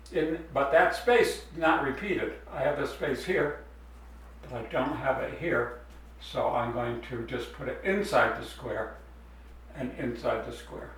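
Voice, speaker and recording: A man's voice: mid-range voice, fairly bright tone, very echoey, recorded from a distance, low-quality recording. A man explaining step by step as he draws a design in a drawing demonstration. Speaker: art teacher.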